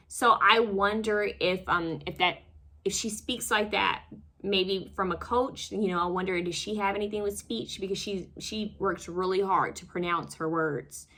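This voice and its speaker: A woman talks through a casual tarot card reading in a bright, forward voice. She rambles and loops back, fumbling her words with plenty of fillers and restarts. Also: medium pitch. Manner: self-conscious, fumbles over words.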